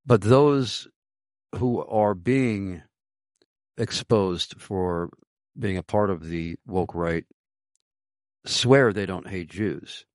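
A man hosting a conversational talk show, speaking slowly and deliberately with many pauses and fillers. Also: sits low, dry recording, studio quality. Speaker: podcast host.

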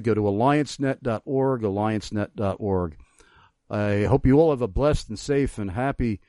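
A man in his sixties hosting a talk show, speaking in an earnest, measured way. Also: medium pitch, darkish tone, no echo. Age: 60s. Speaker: radio show host. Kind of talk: talk show, personal testimony.

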